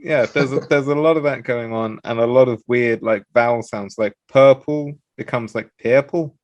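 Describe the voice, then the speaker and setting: A man in a relaxed podcast conversation who talks in chatty bursts packed with fillers. His voice stays at a middle pitch and speeds up when he gets going. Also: normal speed. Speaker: podcast guest. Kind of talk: casual chat.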